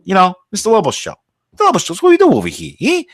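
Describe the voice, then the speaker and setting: Profane, heated American podcast host. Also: male voice, sits high, wildly swooping pitch, fast talker, dry recording. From United States. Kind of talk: ranting podcast monologue.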